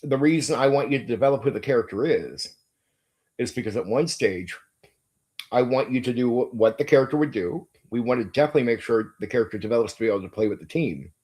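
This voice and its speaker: This channel host and game master has a medium-pitched, slightly mellow voice with a breathy edge, talking fast with lively intonation. He bluntly and emphatically explains how he runs tabletop games, cursing frequently and tossing in "like, dude."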